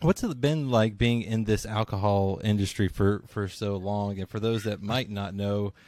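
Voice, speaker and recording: A man hosting a casual interview over a video call, easygoing and quick to laugh. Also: lowish voice, a little mellow, no room sound. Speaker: show host.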